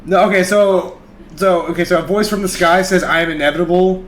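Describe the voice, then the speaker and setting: A man playing in a tabletop game, excitable with loud outbursts. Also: sits high, fairly quick. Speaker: player. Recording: echoey room.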